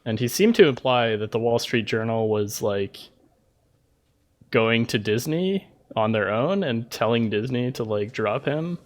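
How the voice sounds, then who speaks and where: A man's voice: mid-range voice, a little slow. A man co-hosting a casual gaming podcast, explaining things in a laid-back way. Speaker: podcast co-host.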